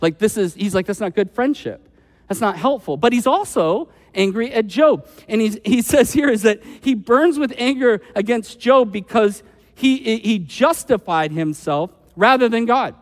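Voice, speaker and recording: A man preaching a sermon as pastor, conversational and animated, acting out quoted voices with frequent asides. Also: high-pitched, moderate pace, big-room sound.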